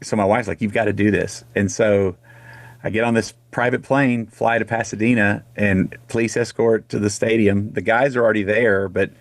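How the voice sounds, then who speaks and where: A middle-aged man from Texas telling a personal story in a casual radio interview, animated and full of restarts. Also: fairly low pitch, normal speed, no room sound. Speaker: guest singer.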